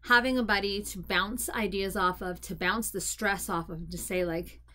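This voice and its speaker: A woman talks straight to her viewers in a loose, chatty way, restarting sentences as she goes. Her voice sits at an ordinary middle pitch, and she turns upbeat and encouraging when she gives advice. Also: fairly even intonation, moderate pace, pushed and bright. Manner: chatty, candid, many restarts and fillers; encouraging pep-talk tone. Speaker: mental health vlogger. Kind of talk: casual advice talk to camera.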